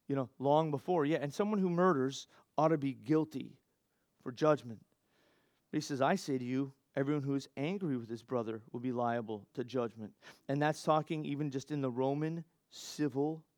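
A man's voice: medium pitch, no room sound, clean studio sound. A man preaching a sermon in a conversational way, with asides, restarts and rhetorical questions to the congregation. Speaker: pastor.

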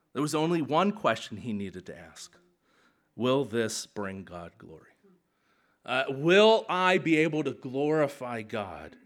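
A man in his thirties, a pastor preaching a sermon in an animated, conversational way. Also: medium pitch.

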